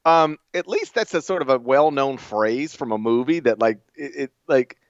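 A man's voice: medium pitch, animated, moderate pace, no room sound, highs cut off. A man co-hosting a podcast, ranting emphatically about his pet peeves in casual chat. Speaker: podcast co-host and radio host.

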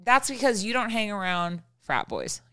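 A woman's voice: medium pitch, big pitch swings, normal speed, a crowd in the background. A woman hosting a podcast, chatting casually and candidly, laughing often as she tells stories. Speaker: podcast host. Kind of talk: casual chat.

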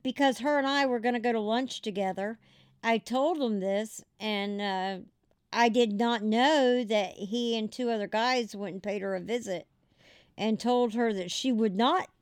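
A woman guest in an interview, telling candid stories in an animated way and laughing as she goes. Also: mid-range voice, clear, resonant tone, no room sound, studio quality.

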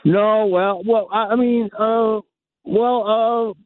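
A man's voice: high voice, fairly even intonation, very slow. A man calling in to a radio show, hesitant and full of fillers, backing down politely. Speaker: caller. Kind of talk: phone-in call. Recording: tinny phone line.

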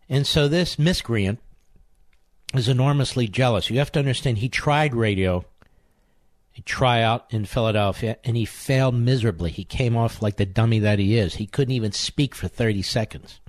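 A man's voice: mid-range voice, normal speed, dry recording, clean studio sound. Scornful, sarcastic male radio host. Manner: mocking, sarcastic, repeats insults for emphasis. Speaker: radio talk show host. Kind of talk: combative talk radio monologue. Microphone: studio microphone.

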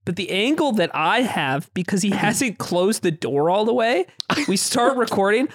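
A man's voice: sits high, animated, normal speed, dry recording. A man co-hosting a podcast, trading crude teasing jokes in casual chat and laughing often. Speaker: podcast co-host.

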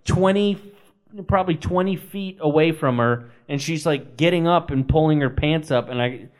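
A man's voice: fairly high pitch, normal speed, a little mellow. Rambling, dry-humored podcast guy. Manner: rambling storyteller, dry humor, many fillers. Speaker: podcast co-host. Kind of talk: casual sports podcast chat.

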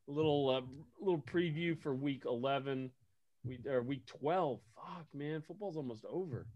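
A man's voice: on the high side, a little slow, a little mellow, muffled recording. A man co-hosting a casual sports podcast, swearing a lot and laughing at his own stories. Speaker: podcast co-host.

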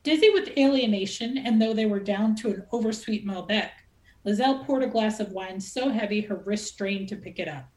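A woman novelist reading aloud from her own novel with an expressive, dramatic delivery. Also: medium pitch, normal speed. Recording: echoey room.

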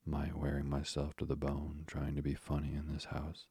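A man voicing a proud, self-pitying father in a bedtime storybook reading, in a very low, creaky, husky voice. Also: monotone, normal speed, mellow, no echo, studio quality, full character voice. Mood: petulant. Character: blustering proud middle-aged father.

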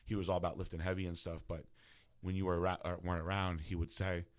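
A man's voice: deep voice, little pitch movement, quick pace. A man, a bodybuilder guest, telling a personal story in a casual, profane way, full of filler words.

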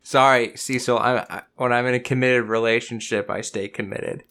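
A man's voice: mid-range voice, fairly even intonation, normal speed, fairly bright tone. A man hosting a podcast in casual chat, laid-back with teasing banter. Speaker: podcast host.

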